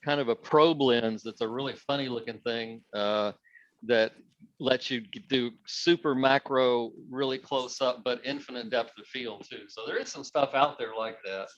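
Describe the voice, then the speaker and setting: A man's voice: mid-range voice, fairly even intonation, moderate pace, a bit bright. A man organizing a photo workshop, thinking aloud in a casual group discussion with plenty of fillers and restarts. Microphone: video call. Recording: dull lo-fi video call audio.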